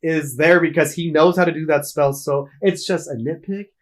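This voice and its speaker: Guy with kinda high voice, chatty podcast cohost, laughs a lot while nitpicking. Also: fairly even intonation, moderate pace. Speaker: podcast co-host. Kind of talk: casual film discussion.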